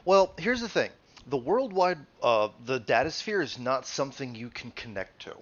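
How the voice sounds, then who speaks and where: A man's voice: medium pitch, sing-song, normal speed. Rambling guy gm explaining rules, bouncy voice, muffled lo-fi audio. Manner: rambling, many restarts and fillers, laughs often. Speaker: game master. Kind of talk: casual rules explanation at the game table.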